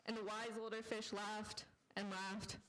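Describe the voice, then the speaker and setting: A woman author reading her own fiction aloud at a live literary event, in a deadpan storytelling manner. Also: mid-range voice, unhurried, poor audio.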